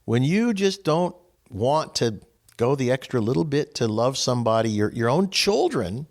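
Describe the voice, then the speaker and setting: A middle-aged man leads a casual spiritual group talk. He tells stories with lots of asides, and his pitch swings up and down in a lively way. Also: moderate pace. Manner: animated storytelling with asides. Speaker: discussion group host.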